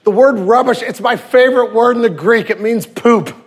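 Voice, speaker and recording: A man in his thirties, a pastor preaching a sermon with lively storytelling, swinging from loud emphasis to hushed tenderness. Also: extremely high pitch, moderate pace, slightly rough. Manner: acts out quoted voices and anecdotes.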